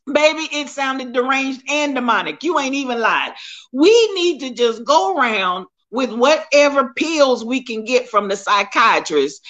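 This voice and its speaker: A middle-aged woman livestreaming from her phone indoors, talking in a preachy, animated way and calling out to her viewers. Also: high-pitched. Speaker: livestream host. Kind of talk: casual live-stream commentary. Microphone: phone propped up.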